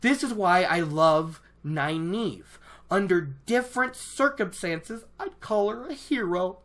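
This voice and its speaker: A book vlogger talking casually to their viewers, excitable and rambling, often restarting sentences and laughing at themself. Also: mid-range voice, slow. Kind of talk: casual book discussion to camera.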